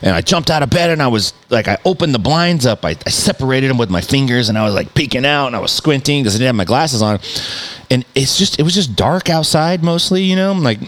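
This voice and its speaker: A middle-aged man, a podcast host, telling a story in a loose, animated way, full of swearing and mouth sound effects. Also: mid-range voice, fairly quick. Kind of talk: casual storytelling.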